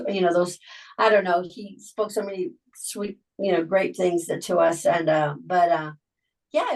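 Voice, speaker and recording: A middle-aged woman sharing a personal story on a video call, halting and full of fillers and restarts. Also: lowish voice, darkish tone. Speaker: Bible study group member. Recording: voice sounding distant from the mic.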